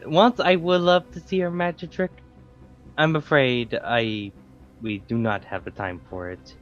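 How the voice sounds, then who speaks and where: A man's voice: medium pitch, steady tone, measured pace, muffled recording, faint music behind, voice pushed up, lightly acted. A man voicing a polite, earnest adventurer in a tabletop game, speaking with formal courtesy.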